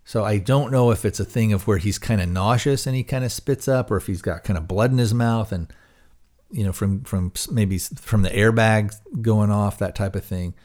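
A man's voice: fairly low pitch, normal speed, darkish tone. A man hosting a podcast, casually recapping a TV episode with lots of fillers and restarts. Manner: rambling, many fillers and restarts. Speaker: podcast host reviewing a TV episode.

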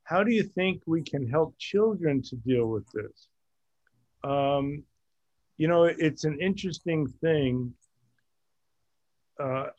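A middle-aged man hosting a casual group discussion, halting and self-correcting as he talks, often laughing. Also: on the high side, a little mellow, dry recording, dull audio.

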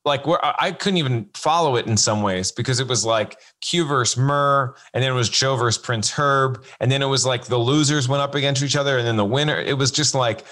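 A man co-hosting a podcast talks in loose, halting phrases and often restarts his sentences as he searches for words. His voice has an ordinary middle pitch. The delivery is relaxed and conversational. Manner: halting, lots of likes and restarts. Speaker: podcast co-host. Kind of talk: casual podcast chat.

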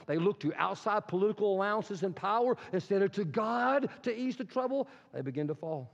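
A man's voice: sits high, big pitch swings, normal speed, few pauses. A man preaching an impassioned, emphatic sermon as pastor in a church. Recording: echoey hall, dull sound.

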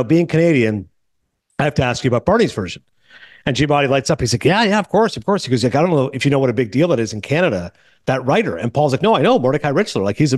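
A young man hosting a podcast, telling stories in a casual, animated way and retelling conversations. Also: mid-range voice, no echo, studio quality. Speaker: podcast host. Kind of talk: casual chat.

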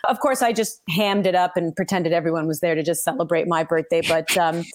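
A woman's voice: lowish voice, a little fast, slight background noise. A woman sports broadcaster chatting casually on a podcast and acting out other people as she tells a story. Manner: animated storyteller who acts out others.

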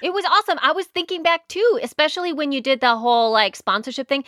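A woman's voice: sits high, fast talker, bright, forceful tone, dry recording, studio quality. A woman co-hosting a casual chat, rambling and hedging as she talks, laughing often. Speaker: podcast co-host.

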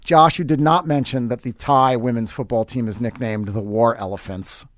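A man's voice: mid-range voice, steady tone, normal speed, no echo. A man hosting a podcast, reading scripted sports commentary with sarcastic, wry asides. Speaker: podcast host.

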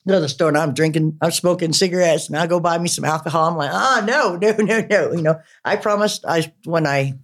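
A middle-aged woman, a podcast guest, telling a personal story in a rambling, animated way and acting out her own quotes. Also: deep voice, fast, hardly any pauses. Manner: rambling, animated retelling with frequent laughs and acted-out quotes.

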